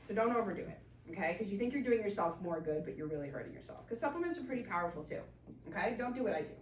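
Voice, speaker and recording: A woman's voice: mid-range voice, very animated, racing, a little hiss or hum. A woman chiropractor giving a casual, chatty talk to a small group, with lots of fillers. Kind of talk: casual presentation to a live group. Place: room with a small audience. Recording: echoey room, voice from far off.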